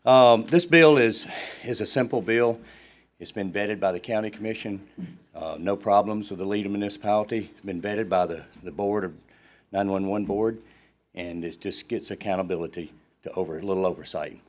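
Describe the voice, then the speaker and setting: A man's voice: fairly low pitch, normal speed. A state representative, out of breath after running upstairs, briefly and hurriedly presenting his bill.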